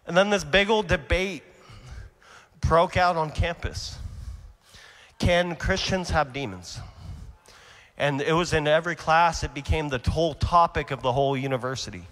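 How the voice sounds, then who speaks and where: A fairly high-voiced man preaching at a conference, telling his stories with energy. He drops to a near murmur, then rises to a shout. The sound rings with the long reverb of a large hall. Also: moderate pace, long pauses. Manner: storytelling, swings from quiet to shouting. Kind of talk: conference sermon.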